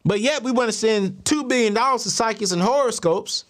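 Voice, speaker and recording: A man hosting a talk show, telling stories casually and acting out the dialogue, with exclamations that leap up in disbelief and a preachy turn toward faith. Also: fairly quick. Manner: animated, acts out dialogue, jumps to high incredulous exclamations. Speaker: show host. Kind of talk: casual storytelling to the camera.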